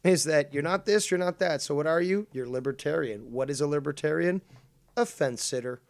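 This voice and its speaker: A man co-hosting a casual chat, sarcastic and mocking, throwing out loud jabs. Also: a little high, brisk, gravelly.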